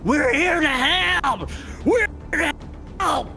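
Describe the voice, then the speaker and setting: A frantic barbarian screams his pleas through tears, his voice cracking high above its usual register. He sounds set back from the mic, desperate and raw, never calming. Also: takes it slowly, vocal fry, faint music behind, full character voice. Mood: frantic shouting. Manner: desperate pleading yells. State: crying. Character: panicked male barbarian turning into a beast.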